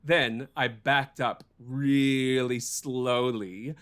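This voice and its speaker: A man's voice: medium pitch, steady tone, drawn-out words, a bit bright. A man hosting a podcast, telling a story in casual chat, swearing freely and laughing often. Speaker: podcast host.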